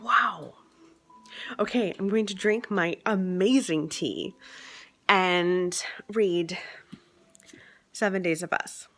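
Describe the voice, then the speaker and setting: A woman from Canada chatting at home at night for her vlog, drifting between soft whispers and bright exclamations. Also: lowish voice, slow, long pauses. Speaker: vlogger. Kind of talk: casual chat.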